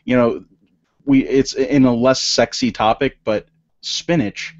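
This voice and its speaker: A man's voice: medium pitch, steady tone, unhurried. A man co-hosting a casual political podcast, talking in rambling sentences with many restarts and fillers. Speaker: podcast co-host. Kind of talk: casual panel chat. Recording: dull lo-fi audio.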